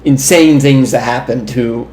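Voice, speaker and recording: A man's voice: mid-range voice, fairly even intonation, a little slow, a little mellow. Young man telling rambling, amused stories. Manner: rambling, amused storyteller who laughs as he talks. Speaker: podcast co-host. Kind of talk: casual chat. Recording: roomy echo.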